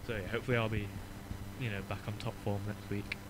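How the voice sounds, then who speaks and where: A man's voice: lowish voice, flat delivery, fast talker, background noise. A young man with a Yorkshire accent chatting casually on a podcast, slightly ill, rambling with fillers and restarts. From Yorkshire, England. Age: young adult. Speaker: podcast co-host. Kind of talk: casual chat.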